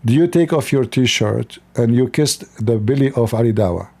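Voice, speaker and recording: A man's voice: mid-range voice, moderate pace, gravelly, darkish tone. A man hosting an online debate call, mocking and interrupting his guest and often repeating his words. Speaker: debate host.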